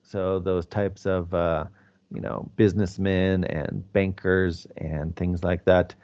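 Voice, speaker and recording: A man's voice: sits low, level tone, slow pace, darkish tone, lo-fi sound. A male English teacher explaining pronunciation to his class in a conversational way, with fillers.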